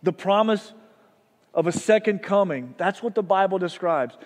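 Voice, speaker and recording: High-voiced pastor in a reverberant hall. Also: male voice, animated, moderate pace. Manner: storytelling, dropping soft for drama and rising loud. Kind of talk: sermon.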